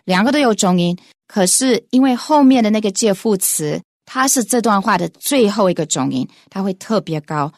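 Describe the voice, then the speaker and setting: A woman teaching English pronunciation in a bilingual lesson, demonstrating stress with clear, emphatic example sentences. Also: medium pitch, animated, normal speed, hardly any pauses, a little mellow, dry recording, clean studio sound.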